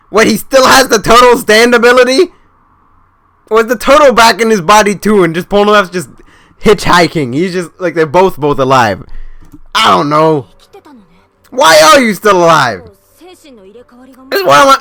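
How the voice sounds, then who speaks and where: A man reacting to an anime episode in casual commentary, excitable and swearing, swinging between loud outbursts and low mumbling. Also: dry recording.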